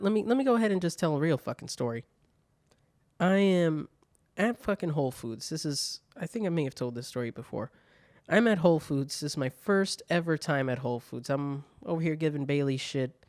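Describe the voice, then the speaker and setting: A man's voice: fairly high pitch, lively intonation, brisk, darkish tone, dry recording, clean studio sound. A young man hosting a solo podcast, telling stories in a casual, profane way. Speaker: podcast host.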